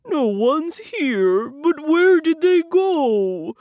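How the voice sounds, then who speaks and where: A woman voicing a big, gentle, curious male bear in a storybook reading, calling out slow, puzzled questions. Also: medium pitch, wildly swooping pitch, no room sound, clean studio sound.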